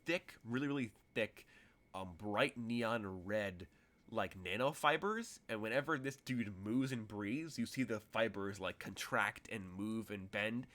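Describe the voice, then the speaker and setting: A man's voice: fairly low pitch, unhurried, fairly bright tone. A man narrating as game master in a tabletop role-playing game, rambling through vivid, detailed scene descriptions.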